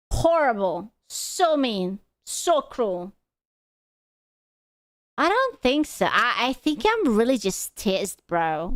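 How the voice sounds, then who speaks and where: Slow, teasing woman. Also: on the high side, dry recording, clean studio sound. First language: Hungarian. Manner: crude, teasing, swears freely. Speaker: streamer. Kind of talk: casual stream chat.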